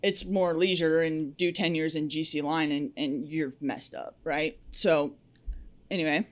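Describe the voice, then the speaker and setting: With a deep, steady voice and an unhurried pace, this young woman, a powerline lineman, gives a frank, outspoken casual podcast interview full of fillers.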